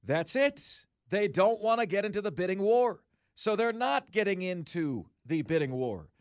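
A man with a notably high speaking voice holds forth as a sports talk radio host, emphatic and opinionated. He drives his points home by repeating them. The sound is close and dry, with no room around it. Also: lively intonation, moderate pace, no room sound.

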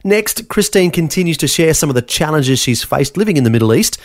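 A man hosting a radio interview show, calm and attentive. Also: on the high side, fairly quick. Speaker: host. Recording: music bed behind.

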